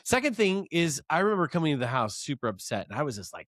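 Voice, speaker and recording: A man's voice: on the high side, big pitch swings, fast talker, fairly bright tone, dry recording. A man in his thirties, a podcast guest who tells stories with energy and acts out past scenes. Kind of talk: casual storytelling interview.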